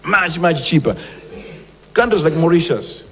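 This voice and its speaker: A man's voice: a little high, animated, measured pace, long reverb tail. A man with a Malawian accent, a government minister giving an emphatic public speech with firm warnings. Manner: emphatic, forceful warnings, switching between English and Chichewa.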